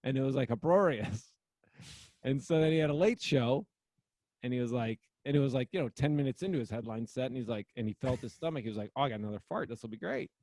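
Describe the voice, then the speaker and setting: A comedian and podcast co-host bantering and telling stage anecdotes in casual chat. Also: male voice, medium pitch, quick pace, darkish tone, no room sound. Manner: laughing, enthusiastic reactions and anecdotes.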